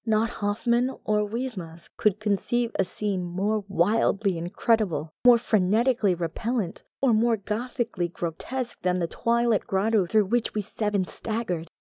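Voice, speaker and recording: A woman narrating a gothic horror tale as an audiobook, in a measured, deliberate reading. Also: mid-range voice, warm tone, no room sound, highs cut off.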